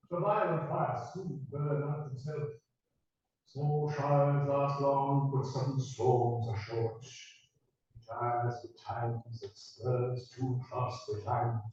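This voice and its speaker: Actor as a dying old nobleman, solemn classical verse, unhurried; heard as film audio played in a hall, distant and muffled. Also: medium pitch, darkish tone, natural voice. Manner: slow, measured declaiming of verse. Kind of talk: classical stage recitation. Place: played through speakers in a classroom. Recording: film audio replayed in an echoey room, from afar, dull.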